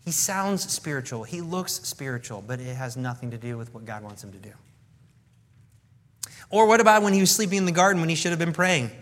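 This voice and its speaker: A male pastor preaching a sermon in an animated way, acting out dialogue from scripture. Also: fairly high pitch, a little fast.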